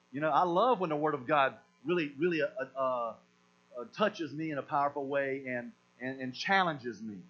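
A man preaching a sermon as pastor, animated and repeating words as he acts out voices. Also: a little high. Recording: dull lo-fi recording with mains hum.

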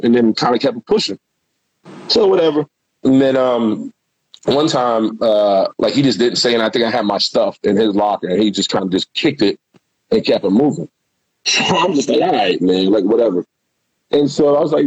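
Candid, profane ex-football player telling stories. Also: male voice, medium pitch, lively intonation, a little fast, breathy edge, dry recording, muffled recording. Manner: candid, profane, loose storytelling. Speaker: former pro football player, guest. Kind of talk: casual storytelling interview.

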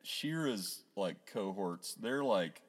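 Laughing lower-voiced man chatting. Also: slow, husky. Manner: laughing often, animated retelling. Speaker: podcast co-host. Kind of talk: casual chat.

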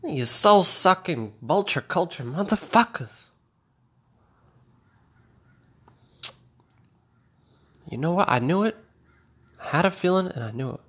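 A man voicing an excitable concert security guard who reacts loudly and dramatically to the show. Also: normal speed, husky, heavily acted. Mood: amazed. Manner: high, exclamatory, slangy.

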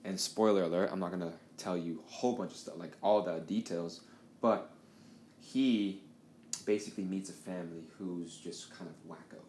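Deep-voiced male podcast host. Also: moderate pace, darkish tone. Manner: rambling storytelling with frequent swearing. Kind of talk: casual conversation. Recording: echoey room with faint noise.

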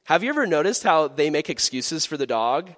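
A man giving a youth sermon in a lively, animated way, acting out quoted voices. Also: a little high, brisk. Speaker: youth pastor. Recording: long hall reverb.

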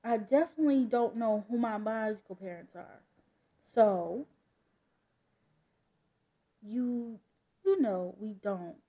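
A woman reading as a soothing, gentle mom. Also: on the high side, takes it slowly, long pauses, highs cut off. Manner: soft, reassuring. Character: gentle, soothing adoptive mother. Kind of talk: comic book read-aloud.

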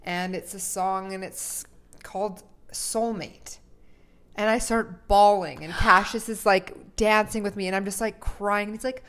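A woman in her thirties co-hosting a casual conversation. She talks in an upbeat, spiritual way and likes to tell stories. Her pitch sits in the middle. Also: unhurried, a bit bright. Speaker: podcast co-host. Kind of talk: casual chat.

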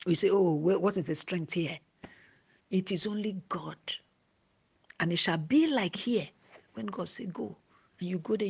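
A woman preaching a sermon, dropping to a hushed whisper at times and rising to emphasis. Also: fairly low pitch, creaky, slightly rough.

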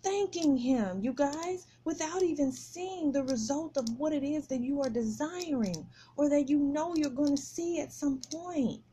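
A woman's voice: high voice, lively intonation, measured pace, few pauses, warm tone, slight background noise. A middle-aged woman hosting a podcast, talking through a personal story and a faith lesson with emphatic repetition. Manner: emphatic, repeats phrases. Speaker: podcast host. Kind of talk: casual faith talk.

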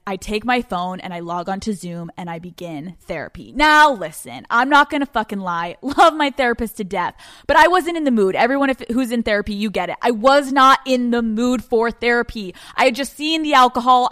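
A woman hosting a podcast, telling a personal story in a dramatic, profane way with quick bursts of speech. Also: mid-range voice, fairly bright tone, dry recording, clean studio sound. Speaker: podcast host. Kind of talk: storytelling monologue.

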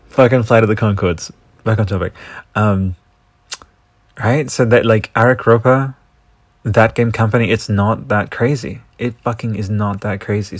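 A man's voice: on the low side, dry recording. An Australian man hosting a solo podcast, rambling enthusiastically and swearing often. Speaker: podcast host. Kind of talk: casual solo podcast riffing.

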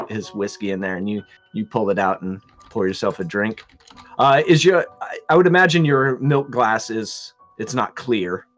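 A man running a tabletop game, narrating scenes in a relaxed, meandering way. Soft music plays faintly under his voice. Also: medium pitch. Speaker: game master.

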